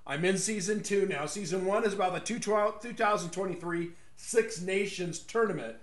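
At a moderate pace, a man from West Texas works through a loose, opinionated monologue, chuckling at his own jokes while mocking the people he's targeting. His fairly high voice rings in an echoey space.

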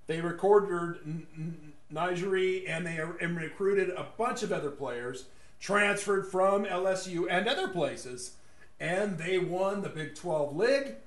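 High-voiced man ranting. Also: unhurried, reverberant. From West Texas. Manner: rambling, mocking, laughs at own jokes. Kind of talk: casual opinionated monologue.

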